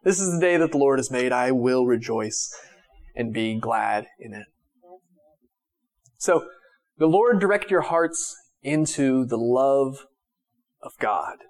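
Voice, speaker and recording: A man's voice: medium pitch, animated, slow pace, long pauses. A male pastor preaching a conversational sermon who retells Bible scenes in casual everyday language.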